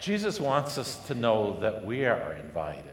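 A man preaching a sermon, telling a parable with lively storytelling and acted-out voices. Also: on the low side, unhurried. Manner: animated storytelling, acting out voices. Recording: echoey hall with long reverb.

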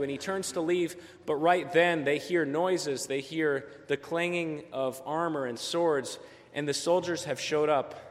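A man preaching a Christmas sermon, telling a story gently and dropping softer for quieted moments. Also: a little high, steady tone, measured pace. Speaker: pastor. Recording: long church reverb.

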